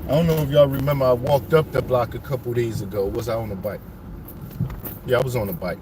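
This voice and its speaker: A man telling his life story to viewers as he drives around his old city neighborhood, animated and full of street slang. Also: medium pitch, fast, noisy background.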